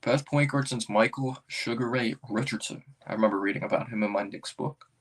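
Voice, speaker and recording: A man hosting a casual livestream as a basketball fan, rambling and thinking out loud with excitable bursts. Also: medium pitch, a little fast.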